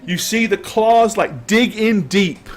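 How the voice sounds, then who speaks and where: Slightly high-voiced male game master. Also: slight background noise. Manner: vivid, drawn-out descriptions with frequent ums. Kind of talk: narrating a tabletop game.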